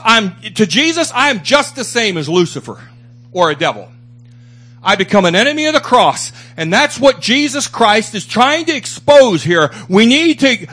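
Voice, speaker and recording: His voice is very high and sharp-toned as he delivers a sermon to a small congregation. The preaching is fervent and repetitive, with phrases that rise and stack up for emphasis.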